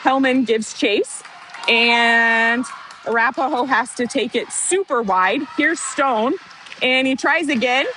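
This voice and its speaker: A woman with a high, bright voice calls a youth hockey game play by play. She gets openly worked up and cheers for her side. A faint hum of ambience sits behind her. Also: slow, rough recording. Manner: excitable, partisan, apologizes for getting worked up. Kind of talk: amateur youth hockey commentary.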